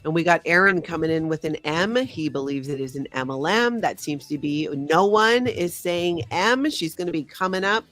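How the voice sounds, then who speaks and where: A woman's voice: deep voice, normal speed, hardly any pauses, fairly bright tone, faint music behind. A woman hosting a live-stream quiz, reading viewer names and scores aloud. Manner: reads out chat names and scores, upbeat. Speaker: host. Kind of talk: live-stream game chat.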